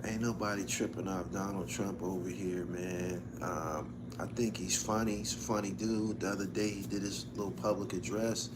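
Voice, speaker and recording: A man's voice: low-pitched, fairly even intonation, moderate pace, hardly any pauses, heavy background noise. A man hosting his own channel, chatting casually and profanely, laughing often as he tells stories. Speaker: channel host. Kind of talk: casual livestream chat.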